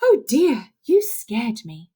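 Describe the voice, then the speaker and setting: Woman doing a gentle, polite doe. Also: a little high, huge pitch swings, takes it slowly, slightly rough, heavily acted.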